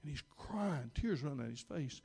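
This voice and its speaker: A man's voice: animated, normal speed, creaky, warm tone, breathy edge. Rambling, emphatic male pastor. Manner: rambling, with many restarts and repeated words; emphatic, rising in pitch and volume at key moments. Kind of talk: storytelling sermon.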